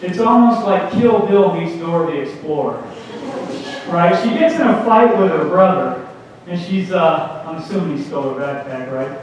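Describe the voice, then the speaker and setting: Comedian with a high voice in an echoing hall. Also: male voice, slight background noise. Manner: acts out family members in quick quoted voices, jumping high for the kids. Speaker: stand-up comedian. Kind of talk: stand-up comedy set. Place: community theatre stage. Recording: echoey hall, mic from far off, dull.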